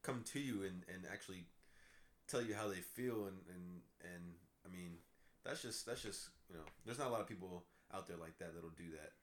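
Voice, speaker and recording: Deep-voiced man hosting a casual podcast. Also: fairly quick. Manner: short reactive interjections, laid-back. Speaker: podcast host. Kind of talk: casual chat.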